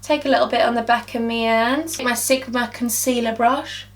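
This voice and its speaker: Bubbly high-voiced English woman vlogger. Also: steady tone, normal speed, far from the mic. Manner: bubbly, rambling, playful, calls viewers huns. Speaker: beauty vlogger. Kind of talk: chatty makeup tutorial.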